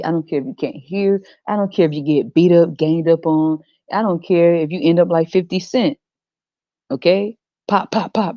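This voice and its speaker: A woman's voice: fairly low pitch, mellow, no echo, dull audio, lightly acted. A woman voicing a brash, mocking male God who talks in blunt slang, in a comedic podcast skit. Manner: swaggering slangy trash talk, teasing and blunt.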